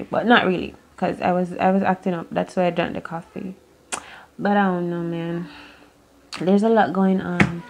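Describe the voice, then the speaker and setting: A woman's voice: mid-range voice, darkish tone, a little hiss or hum. A woman doing an unscripted tarot reading to camera, musing aloud, rambling and swearing as she goes. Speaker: tarot reader.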